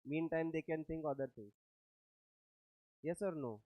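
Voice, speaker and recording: A man's voice: a little high, unhurried, dry recording. A man with an Indian English accent gives a classroom lecture, explaining step by step and often checking "do you understand?". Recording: tinny phone-like lecture recording.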